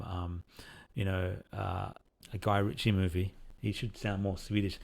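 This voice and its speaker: A man casually talking through a playthrough of the game he is developing, relaxed and rambling with lots of fillers. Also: sits low, unhurried, vocal fry. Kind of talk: casual gameplay devlog commentary.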